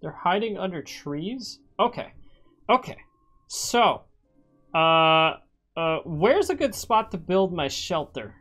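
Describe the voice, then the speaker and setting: Low-voiced woman streamer, lively and slow. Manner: jumpy, swears often, shrieks when startled. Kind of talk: casual live-stream gameplay chat. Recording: faint music behind. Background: background music.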